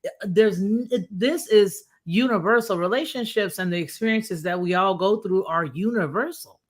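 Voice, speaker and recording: American lady hosting a panel, earnest and emphatic, mid-pitched. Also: moderate pace. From United States. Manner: earnest, emphatic, laughs while telling stories. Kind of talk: casual panel discussion.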